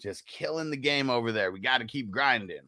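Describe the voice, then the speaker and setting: A man's voice: mid-range voice, animated, brisk, pushed and bright, no room sound. A young man hosting a fantasy football stream, talking in a slangy, laid-back way and reading viewer comments aloud. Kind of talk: casual stream chat.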